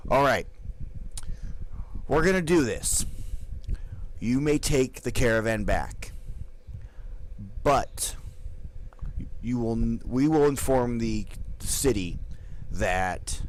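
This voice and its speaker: A man's voice: lowish voice, slight background noise, rough recording. A man voicing a blunt male caravan leader in a tabletop game, giving curt, businesslike orders.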